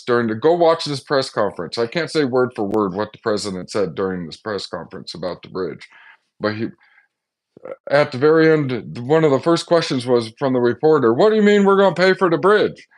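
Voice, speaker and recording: A man talking casually and agitatedly to his viewers in a one-man vlog, often acting out the voices of others. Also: medium pitch. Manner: agitated, acts out quoted voices, excitable. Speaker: vlogger. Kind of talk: casual monologue to camera.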